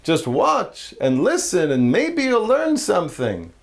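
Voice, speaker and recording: A man voicing a wise, sly old rabbi in a told joke, speaking slowly and knowingly. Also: high voice, creaky, full character voice. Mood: calm, knowing. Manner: slow, knowing, calm.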